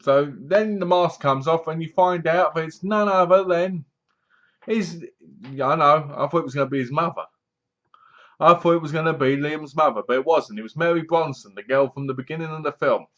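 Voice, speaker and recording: A man's voice: fairly high pitch, normal speed. A man giving a sarcastic, casual spoken review, often acting out lines in funny voices. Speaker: film reviewer. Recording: dull lo-fi sound.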